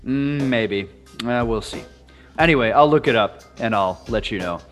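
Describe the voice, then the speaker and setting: Rambling podcast host, faint music behind. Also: male voice, medium pitch, animated, moderate pace, a bit bright. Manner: rambling, many uh fillers and restarts. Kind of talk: casual podcast chat. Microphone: video call.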